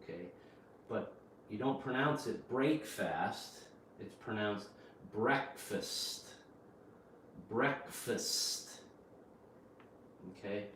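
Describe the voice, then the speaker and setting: A man teaching English pronunciation in a home kitchen, slowly repeating each word in a drill. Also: on the low side. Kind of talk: slow vocabulary drill lesson. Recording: echoey room, voice from a distance, faint hiss.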